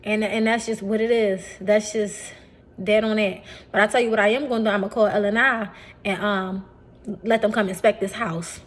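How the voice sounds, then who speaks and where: A woman's voice: mid-range voice, fairly even intonation, moderate pace. A young adult woman, talking casually and animatedly to her viewers, repeating phrases and calling them y'all. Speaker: vlogger. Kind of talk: casual talk to camera.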